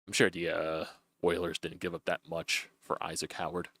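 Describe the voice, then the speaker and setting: Low-voiced man calling baseball casually. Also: monotone, normal speed, sharp tone, no echo, studio quality. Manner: chatty, loose, swears often. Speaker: sports streamer calling a baseball game. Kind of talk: casual live-stream play-by-play.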